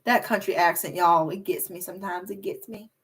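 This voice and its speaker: A woman's voice: lowish voice, a little fast, a bit bright, husky. A young woman YouTuber chatting casually on a livestream, reading viewer comments in a bubbly, rambling way with plenty of filler words. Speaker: beauty and hair YouTuber.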